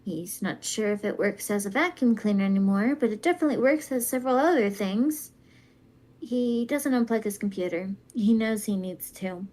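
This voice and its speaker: A woman reading fan fiction aloud in a soft, even, casual way. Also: medium pitch. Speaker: fanfic reader.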